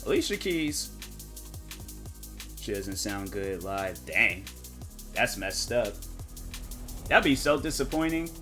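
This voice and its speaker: Guy streaming and just chatting w chat, rambly, keeps restarting, kinda bright sharp voice, faint music behind. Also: on the low side, slow, pauses often. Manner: rambling, thinking aloud with many restarts. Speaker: gaming streamer. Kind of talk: casual chat with viewers while streaming.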